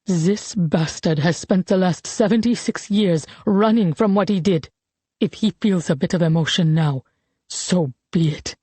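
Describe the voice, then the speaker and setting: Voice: mid-range voice, measured pace, mellow, breathy edge, no room sound. A narrator voicing an elderly woman who snaps accusations with bitter fury. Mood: furious. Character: furious elderly woman confronting old enemy.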